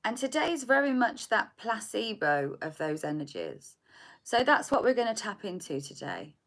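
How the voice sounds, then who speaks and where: A woman giving a spiritual tarot reading, soft and meandering, often repeating words as she searches for them. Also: mid-range voice, sing-song, normal speed, vocal fry. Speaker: tarot reader.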